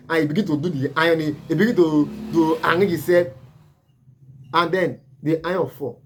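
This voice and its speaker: A man's voice: sits high, animated, fast talker, a little hiss or hum. Earnest Nigerian man lecturing. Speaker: laundry business owner. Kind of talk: advice talk to camera.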